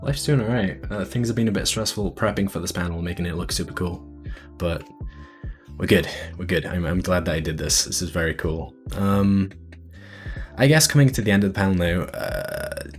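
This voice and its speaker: A young man with a fairly low voice talks earnestly at an online fan convention panel, rambling and doubling up words as he goes. He speaks from a room at home. Soft music plays faintly in the background. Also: moderate pace. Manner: earnest, rambling, repeats words when starting sentences. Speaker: convention panelist and video editor.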